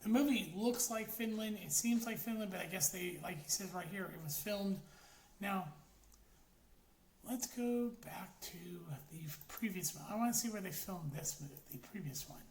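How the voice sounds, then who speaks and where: A woman talks through a film review in loose, excitable bursts, swearing freely and trailing off mid-thought. Her voice bounces around a roomy space with a faint hiss of background noise underneath. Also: medium pitch, normal speed. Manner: profane, rambling, excitable. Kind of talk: casual spoken movie review.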